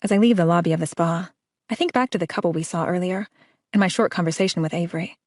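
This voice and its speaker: A woman's voice: on the low side, steady tone, fast talker, a little mellow, dry recording, studio quality. A woman reading a first-person audiobook, with a wry, conversational delivery. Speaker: audiobook narrator.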